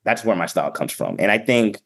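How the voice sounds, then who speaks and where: Energetic man with a Boston accent. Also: on the low side, fairly quick, vocal fry. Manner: energetic, upbeat and sometimes blunt. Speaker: event emcee and keynote speaker. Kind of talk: casual podcast interview.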